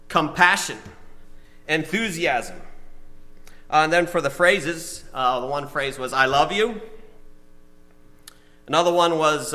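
A man preaching a sermon to a small congregation and listeners, telling stories and reading out lists, swinging between loud emphasis and soft asides. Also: a little high. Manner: reads lists of words slowly, one at a time. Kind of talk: sermon with storytelling.

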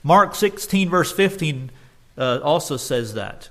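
A man's voice: a little high, expressive, takes it slowly, bright, forceful tone. A man preaching a sermon earnestly, often restarting his phrases and rising in force when he quotes scripture.

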